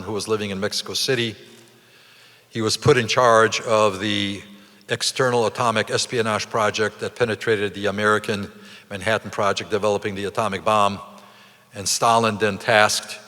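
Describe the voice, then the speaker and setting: A man's voice: lowish voice, pushed and bright. Emphatic man speaking in a reverberant hall. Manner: emphatic and deliberate, with rhetorical questions. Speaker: guest speaker. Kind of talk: commemorative lecture to an audience.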